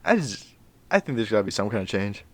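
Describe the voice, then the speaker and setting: A man's voice: fairly low pitch, very animated, fast talker, dry recording. A man co-hosting a podcast in casual chat, laid-back and rambling. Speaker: podcast co-host.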